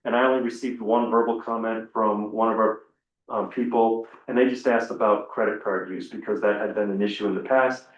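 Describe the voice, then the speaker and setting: A man, the town administrator, explaining a code of conduct to the board in a measured, accommodating way. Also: fairly low pitch, fairly even intonation, roomy sound, lo-fi sound. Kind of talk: public meeting explanation.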